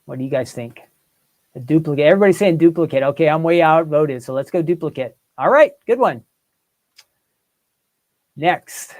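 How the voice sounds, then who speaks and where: A man's voice: a little high, fast, darkish tone. Chatty man running a live quiz. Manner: thinks aloud, polls the chat. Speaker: livestream host. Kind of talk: casual live quiz chat with viewers.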